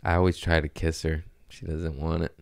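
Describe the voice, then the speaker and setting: A man's voice: extremely low pitch, flat delivery, normal speed, creaky, darkish tone, smooth, no echo, clean studio sound. A man hosting a comedy podcast, rambling casually with profanity and jokes.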